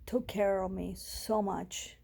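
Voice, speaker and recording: Woman vlogger, halting emotional storytelling, slow, husky. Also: mid-range voice, steady tone, mellow. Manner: emotional, halting, with pauses and restarts. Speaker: vlogger sharing a personal health story. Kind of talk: personal storytelling vlog.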